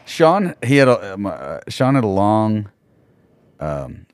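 A man's voice: lowish voice, big pitch swings, slow, no echo, clean studio sound. Laughing, joking male podcast host. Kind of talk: casual chat.

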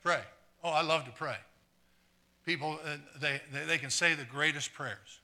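A man preaching a live sermon, earnest and stumbling over repeated words, trading jokes with the congregation and swinging from quiet asides to fired-up exclamations. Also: a little high, normal speed. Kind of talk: live sermon with audience volunteers.

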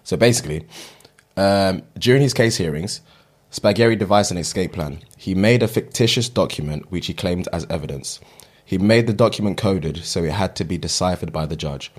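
A man's voice: deep voice, normal speed. A man, co-hosting a casual chat and reading out a fun fact, stumbling over names and laughing at himself. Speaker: podcast co-host.

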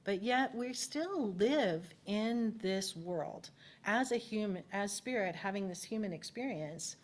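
A woman's voice: mid-range voice, animated, slow pace. A woman spiritual director giving a conversational sermon at a spiritual center and asking the congregation questions. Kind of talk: casual sermon. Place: spiritual center, in person and streamed.

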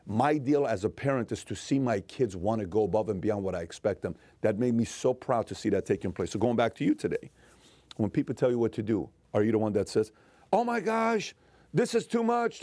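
A middle-aged man giving an earnest motivational talk, telling a family story and often slowing down to a soft, emotional tone. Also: on the low side, no room sound. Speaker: motivational speaker.

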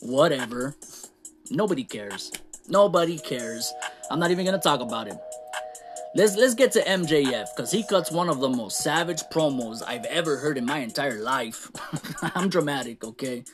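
A man ranting casually in a wrestling show review, animated, swearing and laughing at the shocking moments. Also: fairly high pitch, moderate pace, over music. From Latino. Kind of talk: casual recap rant.

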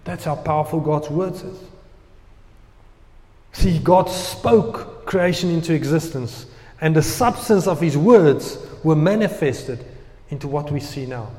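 A male pastor preaching a sermon, swinging between loud emphasis and hushed asides. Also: on the high side, a little slow. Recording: long hall reverb.

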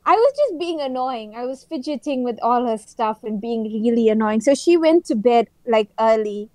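Podcast co-host, woman, high voice, excitable dramatic storyteller, dry close sound. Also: normal speed, no room sound. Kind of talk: casual chat.

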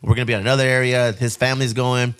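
A man's voice: mid-range voice, level tone, rapid-fire, smooth. A man in his thirties hosting a casual studio podcast, joking, swearing and telling stories about his family. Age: 30s. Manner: profane, joking, quotes others in put-on voices. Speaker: podcast host. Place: studio with several guests on a couch.

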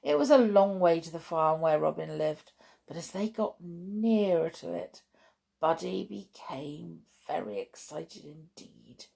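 A woman reading a children's story aloud as a podcast host, gentle and expressive. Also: sits low, measured pace, vocal fry, husky. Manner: gentle, expressive, chatty sign-off.

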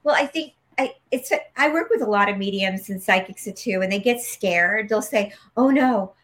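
A woman talks as an interview guest, her voice at a middle pitch. She tells her stories with lively energy. When she quotes other people, she acts them out with big leaps in pitch. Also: normal speed. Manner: animated storyteller, acts out quoted dialogue with big pitch jumps. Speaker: guest, medical intuitive healer. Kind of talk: conversational interview storytelling.

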